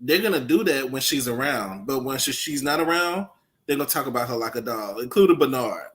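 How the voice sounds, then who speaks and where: A man co-hosting a casual chat show, reasoning through his points in a relaxed, conversational way. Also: medium pitch, fairly quick. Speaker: co-host.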